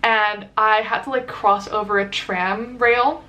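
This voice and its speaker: A woman's voice: medium pitch, fairly even intonation, sharp tone. A young woman vlogging, telling a dating story in a casual, chatty way with lots of fillers. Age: young adult. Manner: chatty, fast and filler-heavy, acts out quotes.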